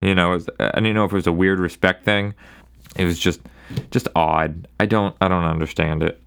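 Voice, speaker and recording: A man's voice: low voice, steady tone, gravelly, a bit bright, smooth. A young man hosting a solo podcast, telling a rambling bar story in a wry, casual way. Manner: rambling, wry, does quick voices for people in his stories. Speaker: podcast host.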